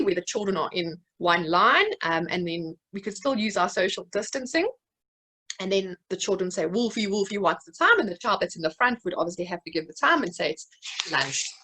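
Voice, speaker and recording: A woman's voice: medium pitch, fairly bright tone, slightly rough, rough recording. A woman with a South African accent, a speech-language therapist, presenting an educational webinar and explaining classroom activities with examples and occasional fillers. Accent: South African English.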